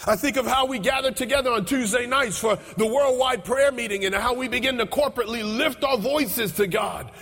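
A man preaching a sermon as pastor, repeating his phrases and building up to shouts. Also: very high-pitched, a little fast, hardly any pauses. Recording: echoey hall with long reverb.

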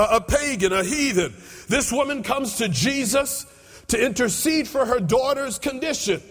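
A man preaching a sermon as pastor, repeating his phrases and building up to shouts. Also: extremely high pitch. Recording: echoey hall with long reverb.

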